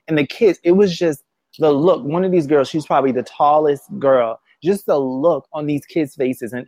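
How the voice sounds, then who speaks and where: A man's voice: mid-range voice, darkish tone, no echo. Emotional man in a dry, close recording. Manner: emotional, halting, many restarts. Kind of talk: casual conversation.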